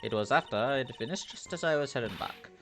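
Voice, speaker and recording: A man voicing an elderly head nun with a back complaint, in a lilting put-on Irish accent, gentle and motherly. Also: medium pitch, expressive, quick pace, soft background music. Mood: fond.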